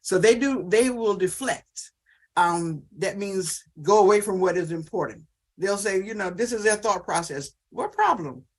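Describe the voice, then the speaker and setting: Man giving a relaxed church teaching talk. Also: high-pitched, moderate pace. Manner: conversational, lists traits, frequent "you know". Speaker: ministry workshop speaker.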